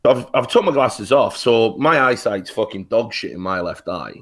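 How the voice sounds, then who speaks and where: A man's voice: fairly low pitch, expressive, normal speed, fairly bright tone. A British man telling a heated story on a talk show, swearing often and restarting his sentences. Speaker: guest.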